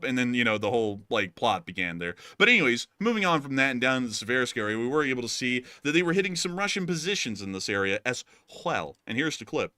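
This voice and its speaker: Bright-voiced man rambling on a show. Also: mid-range voice, big pitch swings, quick pace, hardly any pauses, clean tone, no room sound, studio quality. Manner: rambling, joking, many fillers. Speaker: host. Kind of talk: casual war news commentary.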